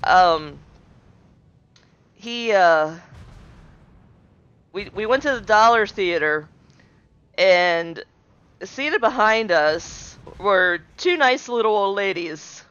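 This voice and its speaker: A woman, a streamer's wife, telling an anecdote in a lively, casual way. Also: medium pitch, very slow, pauses often, clean tone. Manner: animated storyteller, lively quoting. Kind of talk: casual storytelling. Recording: dry, dull lo-fi mic.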